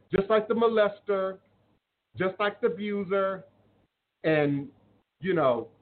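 Earnest preachy man on a tinny line. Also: fairly high pitch. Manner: earnest, preachy, repeats phrases for emphasis. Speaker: spiritual live-stream host. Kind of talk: live-stream talk, reading viewer comments. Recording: phone-like audio with faint noise.

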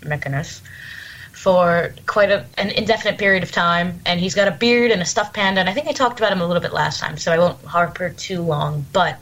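A woman's voice: on the low side, a little fast, fairly bright tone, rough recording. A woman chatting as a guest on a podcast, enthusiastic and giggly, acting out quotes as she goes. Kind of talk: casual podcast chat.

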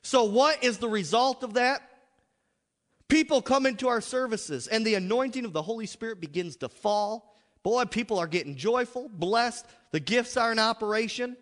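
American guy preaching loud then soft, joking around, big reverb in the church hall. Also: very high voice, normal speed. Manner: emphatic, joking, dramatic swings in volume. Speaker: pastor. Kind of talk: revival sermon. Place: large church sanctuary.

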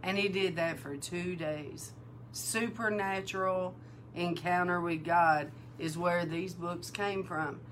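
A woman preaching at an unhurried pace, telling her story with animation and acting out each exchange. She sounds emotional and close to tears as she teaches, and a faint hiss sits under her voice. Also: lowish voice. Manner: animated storytelling, acts out dialogue. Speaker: prophetic minister. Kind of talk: sermon-style testimony and teaching.

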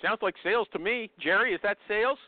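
A man's voice: high-pitched, fast talker, heavy background noise. A man hosting a talk show who keeps pressing the others with challenging questions. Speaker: host. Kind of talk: heated debate on a call-in show. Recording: dry, tinny phone line.

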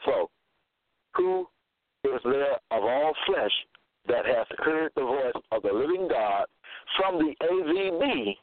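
A man's voice: medium pitch, wildly swooping pitch, no echo. Man preaching over a tinny phone line. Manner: reads verses slowly, repeats "okay?". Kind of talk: scripture-quoting sermon.

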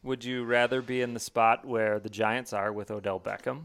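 A man's voice: medium pitch, little pitch movement, normal speed, fairly bright tone, clear, resonant tone. A man hosting a casual sports podcast, loose and joking as he rambles. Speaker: podcast host.

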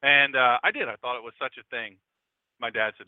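A man, a pastor hosting an internet radio show, talking in a folksy, animated, conversational preaching style straight to his listeners. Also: medium pitch, fairly quick, no room sound. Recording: dry, phone-like lo-fi line.

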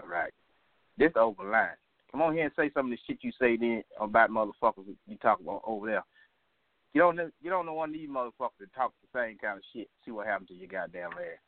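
A man's voice: fairly low pitch, no room sound. A man hosting an open phone line, ranting and cursing at callers in a combative, repetitive way. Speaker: phone-line talk show host.

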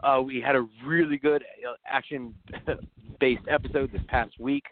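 A man's voice: mid-range voice, steady tone, a little slow, slight background noise. A man co-hosting an online talk show in a put-on English accent, laughing often and swearing. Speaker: podcast co-host. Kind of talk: casual chat. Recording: dry, tinny phone-like line.

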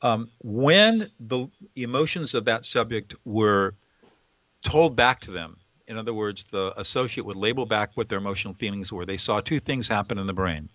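Male mediator as interview guest, bright, emphatic, explains like a lecturer. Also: on the low side, moderate pace, no echo, dull audio.

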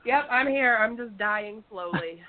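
A woman's voice: on the high side, measured pace, crowd noise. A woman co-hosting a podcast who chats in an upbeat way and laughs at her own stories. Her voice sits in a middle range and comes through a thin, phone-like line. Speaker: podcast co-host. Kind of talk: casual chat.

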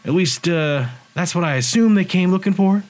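A man voicing a sharp-tongued young woman bartender and hacker, talking bluntly and casually in an audiobook. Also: high-pitched, moderate pace, soft background music, pitched above the performer's own voice, natural voice. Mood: urging.

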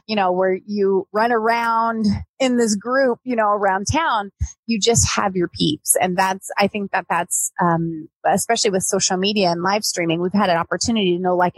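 A woman's voice: medium pitch, no echo, poor audio. A woman hosting a live-streamed interview, chatting loosely with many restarts. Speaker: host.

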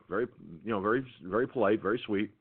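A man's voice: on the low side, fairly quick, breathy edge. A man hosting an internet radio show, telling a profane, angry story in a ranting monologue. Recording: tinny phone-line sound.

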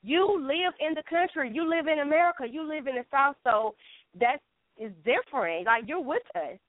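A woman co-hosting a casual talk show, emphatic and playful in her banter. Her voice sits fairly high. It comes through a tinny, phone-like line. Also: lively intonation, moderate pace, no echo. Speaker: co-host.

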